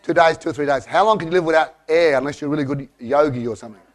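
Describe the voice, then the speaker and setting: A man giving a live keynote to an audience, guiding them through a breathing exercise with lively coaxing and counted breaths, a bit out of breath. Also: fairly high pitch, racing. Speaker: keynote speaker.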